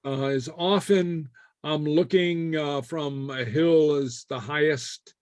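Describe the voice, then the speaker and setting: A man teaching an online Gaelic class in a relaxed way, with many fillers and chuckles as he talks. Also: on the high side, takes it slowly, dry recording, studio quality.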